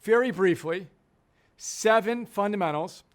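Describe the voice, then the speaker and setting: In a high voice and at a measured pace, a middle-aged program founder and coach gives an emphatic lesson, repeating key phrases for emphasis.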